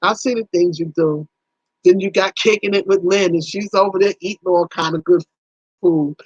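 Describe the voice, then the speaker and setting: A woman's voice: lowish voice, moderate pace, a little mellow, slightly rough, dry recording, highs cut off. A woman hosting a casual livestream, chatting in a folksy way with her viewers and acting out little conversations. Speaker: livestream host.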